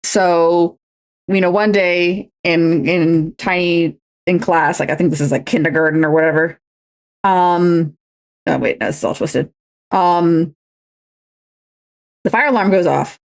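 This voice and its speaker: This woman speaks on the low side at a measured pace, pausing often. She's streaming from home over her cross-stitch, casually chatting and telling rambling stories that poke fun at herself.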